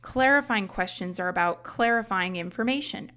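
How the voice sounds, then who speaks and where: The podcast host, a life coach trainer, takes an unhurried pace in a fairly bright, mid-range voice. She explains coaching skills conversationally, as instructional podcast talk sprinkled with plenty of casual asides.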